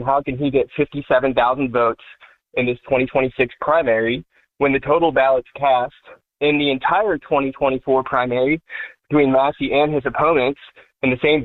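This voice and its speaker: A man's voice: medium pitch, no echo. A male caller lays out his case in an earnest, methodical way. His voice comes through a tinny phone line. The sound is dry.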